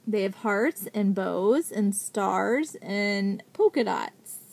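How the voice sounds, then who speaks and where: A young adult woman vlogging at home, gushing excitedly as she shows off a package of gifts and repeats herself a lot. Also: mid-range voice, slow, vocal fry. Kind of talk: casual haul video.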